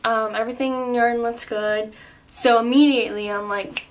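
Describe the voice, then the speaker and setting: Young woman rambling thru a storytime vlog, kinda high voice, a bit far from the mic w faint room hum. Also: normal speed. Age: 20s. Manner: animated, lots of "like", swearing. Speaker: vlogger.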